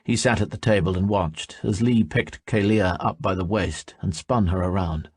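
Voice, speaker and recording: A man narrating a fantasy audiobook in a steady storytelling manner. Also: sits low, normal speed, breathy edge, no room sound. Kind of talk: scripted narration.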